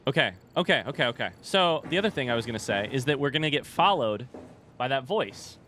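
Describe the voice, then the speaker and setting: A man thinking aloud as he plays a video game, in an excitable, rambling way full of swearing and jokes. His voice sits at a middle pitch for a man, with a faint low rumble in the background. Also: fairly quick. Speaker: let's-play gamer. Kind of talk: casual, unscripted game commentary.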